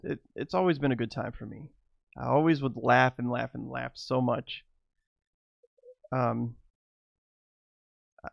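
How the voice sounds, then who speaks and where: Gravelly middle-aged man telling stories. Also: medium pitch, dry recording, lo-fi sound. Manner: laughs often while telling stories; loose and rambling, many fillers. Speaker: vlogger. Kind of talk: casual storytelling to camera.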